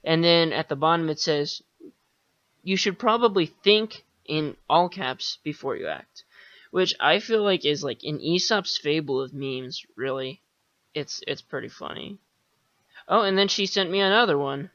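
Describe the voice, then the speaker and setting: A man's voice: a little high, a little slow, fairly bright tone, dry recording, lo-fi sound. A man hosting a solo podcast, rambling and sarcastic, swearing casually and talking with lots of fillers. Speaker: podcast host.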